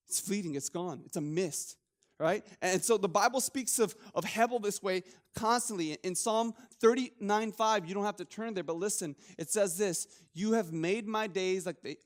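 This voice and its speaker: A young man preaching a casual sermon, joking with the congregation and restarting his sentences often. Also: sits high. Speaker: pastor.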